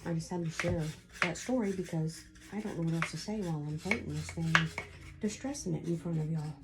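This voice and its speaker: A woman's voice: low-pitched, brisk, heavy background noise. A woman giving a casual crafting tutorial at home, chatty and rambling as she tells stories while she works. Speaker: craft vlogger.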